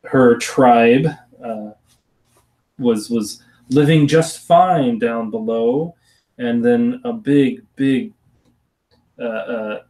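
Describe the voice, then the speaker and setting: Mężczyzna grający piskliwą, przestraszoną goblinkę. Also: male voice, very slow, long pauses, a little mellow, distant mic, low-quality recording. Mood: distraught. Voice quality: high squeaky voice. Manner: broken, rambling, submissive. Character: frightened small female goblin servant.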